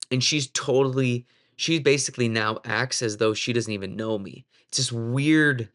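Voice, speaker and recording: A man's voice: medium pitch, fairly bright tone. A man with a mid-range voice telling a ministry story from his own life. He speaks earnestly and candidly, working as a Christian minister.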